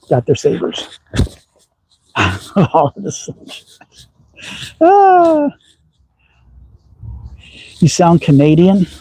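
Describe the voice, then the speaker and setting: Folksy middle-aged man, mellow voice. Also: on the high side, no room sound, low-quality recording. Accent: slight Southern with a touch of upper Midwest. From Texas. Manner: folksy and rambling, with frequent ums. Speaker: slingshot channel host. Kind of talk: casual livestream chat. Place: outdoors at a backyard shooting range.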